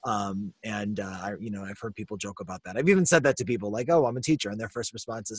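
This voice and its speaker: A man's voice: fairly low pitch, quick pace, hardly any pauses, breathy edge, no echo, studio quality. A young adult man hosting a podcast, chatting casually and laughing often, with self-mocking asides. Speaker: podcast host. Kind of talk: casual podcast chat and outro.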